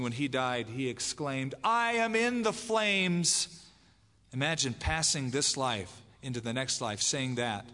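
A man's voice: medium pitch, sharp tone. A man preaching a sermon as pastor, emphatic, dramatizing the lines he quotes. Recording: long hall reverb.

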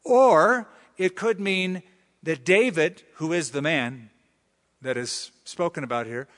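A man's voice: on the high side, slow, fairly bright tone. A man preaching a sermon, who often acts out the voices of the people he quotes. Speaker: pastor. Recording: long hall reverb.

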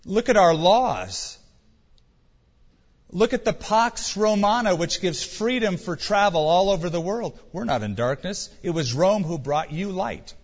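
A man's voice: sits high, lively intonation, unhurried, exaggerated voice. A man voicing proud Roman officials who scoff with mocking disbelief, in a dull recording with long hall reverb. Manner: mocking, incredulous.

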